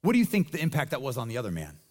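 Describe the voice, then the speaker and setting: A man preaching as a pastor in a conversational, animated way, often restarting his sentences. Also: medium pitch, very fast. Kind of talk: sermon.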